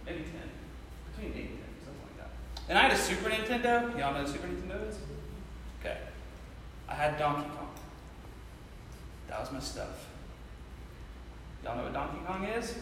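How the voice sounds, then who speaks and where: A man in his thirties with a high voice tells a personal story to a live audience. He is loose and chatty and keeps asking the crowd whether they follow him. The sound carries a long reverb tail from a big hall. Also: expressive, moderate pace, long pauses, fairly bright tone. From Ohio, near Cincinnati. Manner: casual, chatty, keeps asking the audience "you know what I mean?". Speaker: speaker addressing an audience. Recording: echoey hall with faint noise.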